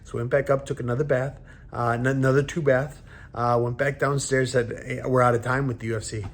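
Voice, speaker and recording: Man in his thirties telling a story haltingly. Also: medium pitch, level tone. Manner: halting retelling, acting out quoted dialogue. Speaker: professional fighter. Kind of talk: casual storytelling.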